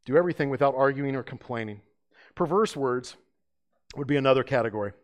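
A man's voice: mid-range voice, quick pace. A man preaching an emphatic sermon as pastor, asking his listeners rhetorical questions.

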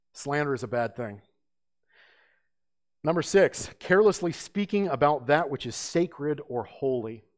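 A man preaching an emphatic sermon as pastor, asking his listeners rhetorical questions. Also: medium pitch.

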